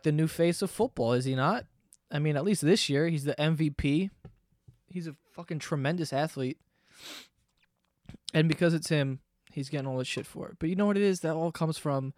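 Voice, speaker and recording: A young man from the United States talks straight into a close podcast mic, heated and profane as he vents. His voice sits a little high for a man, and the recording is dry with no room sound. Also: no room sound. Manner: animated, profane, exasperated ranting. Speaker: podcast host. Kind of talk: casual monologue rant.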